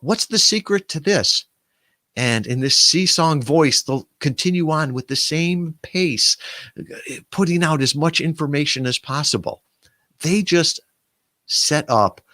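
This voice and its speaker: A middle-aged man talks through his advice in a conversational coaching tone, his pitch swinging up and down as he stresses points. The sound is close and dry, with almost no room around it. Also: dry recording. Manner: conversational, emphatic, lively coaching delivery. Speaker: podcast marketing host. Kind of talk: casual video tip talk to camera.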